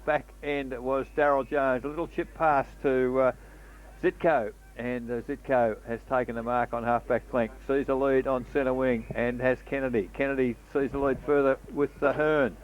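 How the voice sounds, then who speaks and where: A man's voice: mid-range voice, steady tone, moderate pace. Australian man calling local football. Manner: conversational, slips in fillers between play calls. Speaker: football commentator. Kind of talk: local radio football commentary. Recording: dull lo-fi broadcast audio.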